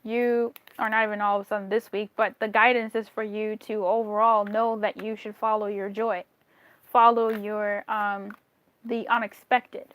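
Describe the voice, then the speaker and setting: A woman's voice: mid-range voice, a bit bright. A woman giving a casual tarot reading to camera, candid and chatty, swearing freely and giggling between thoughts. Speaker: tarot reader.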